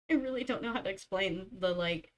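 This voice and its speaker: A young woman streamer chatting casually, rambling through stories and giggling often. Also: medium pitch. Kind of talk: casual chat.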